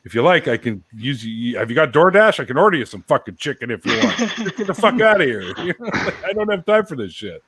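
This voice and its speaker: A man's voice: fairly high pitch, very animated, fast talker, a bit bright, husky, no room sound. A man hosting a casual video call chat, blunt and profane, often laughing. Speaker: host.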